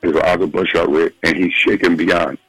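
A man from Philadelphia calling in to a radio show, telling a story in a casual, animated way. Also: moderate pace, husky, dry recording, low-quality recording. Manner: animated, acts out quotes in a high voice. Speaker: phone-in guest. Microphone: phone call.

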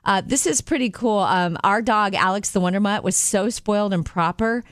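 Upbeat female co-host, laughs easily, mid-pitched voice, dry close-miked studio sound. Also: normal speed, no echo. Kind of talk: casual chat.

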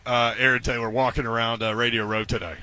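A man's voice: medium pitch, flat delivery, fast, sharp tone, no echo. A man hosting a sports radio show who interviews a guest and reacts with short upbeat remarks. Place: radio row at a football event.

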